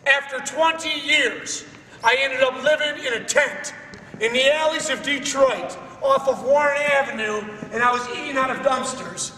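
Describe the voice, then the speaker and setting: Speaking to a roomful of schoolkids, a motivational speaker preaches emphatically, using streetwise slang and quizzing the crowd. Recorded far off in an echoey hall with slight background noise, his very high, sharp voice moves at a moderate pace.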